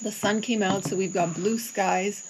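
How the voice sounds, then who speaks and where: A woman's voice: mid-range voice, fairly even intonation, unhurried, slight background noise, low-quality recording. A woman chatting in a cheerful, easygoing way as a travel vlogger, recorded outdoors on an action camera. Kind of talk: casual chat. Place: outdoors in a rural mountain garden.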